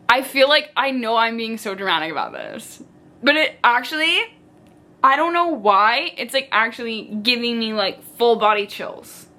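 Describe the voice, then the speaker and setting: A woman's voice: fairly high pitch, very animated, moderate pace, bright, forceful tone. A woman book vlogger chatting casually about her reading, theatrical and full of "like". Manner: chatty and theatrical, heavy use of "like". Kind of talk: casual reading vlog chat.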